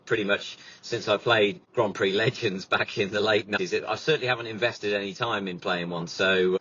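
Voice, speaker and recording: Stuck in traffic, a middle-aged man who works as a racing instructor and vlogs tells a casual story that wanders and pokes fun at himself. He speaks in a lowish voice that's a bit bright.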